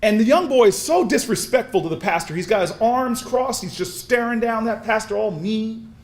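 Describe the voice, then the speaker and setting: A man giving an impassioned, preacher-style speech at a convention, telling stories with repeated words and building to shouts. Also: high voice, lively intonation, normal speed. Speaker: speaker at a convention. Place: large convention hall.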